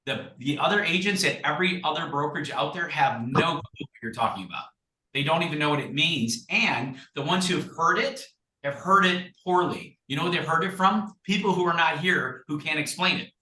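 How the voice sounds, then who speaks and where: Emphatic bright-voiced man, echoey room. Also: fairly high pitch, a little fast. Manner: animated, emphatic, acts out sample conversations. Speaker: guest speaker, recruiting coach. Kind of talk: energetic coaching talk on a video call.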